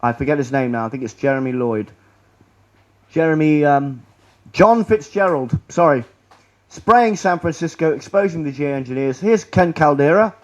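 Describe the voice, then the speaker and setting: A man's voice: a little high, normal speed, lo-fi sound. A man giving a rambling, sarcastic presentation to an audience in a lecture room, often restarting his sentences. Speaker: public speaker.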